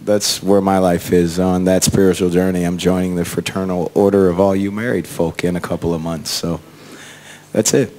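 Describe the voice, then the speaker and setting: A man on a panel, talking with halting pauses and fillers. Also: low-pitched, flat delivery, dark tone. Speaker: panel guest. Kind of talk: casual panel talk.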